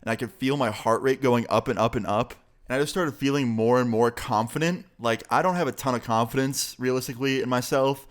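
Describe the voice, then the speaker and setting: A man's voice: mid-range voice, fairly quick. A young man casually telling a personal story on his channel, full of slang and swearing. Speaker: YouTuber. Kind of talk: storytime vlog.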